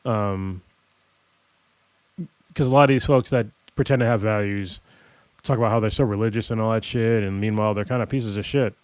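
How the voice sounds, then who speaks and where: A man's voice: fairly low pitch, fairly even intonation, normal speed, pauses often, a little mellow, dry recording. Laid-back, slangy man in casual chat. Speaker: podcast co-host.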